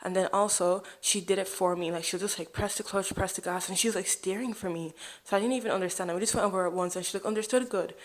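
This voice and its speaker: A woman's voice: mid-range voice, steady tone, rapid-fire, hardly any pauses. A young woman telling a personal story to camera in a chatty, rambling way, leaning on "like" as she goes. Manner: chatty, rambling, heavy use of "like". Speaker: vlogger sharing a testimony.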